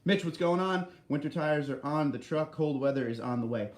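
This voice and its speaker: A man from New Jersey hosting a casual livestream, greeting viewers by name and answering chat in a friendly, relaxed way. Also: on the high side, brisk. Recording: roomy echo.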